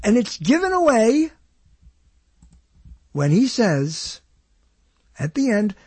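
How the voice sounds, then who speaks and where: A man's voice: high voice, slow, slightly rough, no room sound. A man hosting a podcast, talking casually about songs and humming bits of melody as he explains them. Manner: animated, explains while humming along. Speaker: podcast host.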